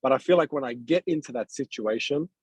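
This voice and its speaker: A man with a husky voice speaks hesitantly over a video call, repeating words as he works out his thoughts. The sound is dry and close, with no room echo. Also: mid-range voice, brisk. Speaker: car salesman in training. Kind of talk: coaching session, casual.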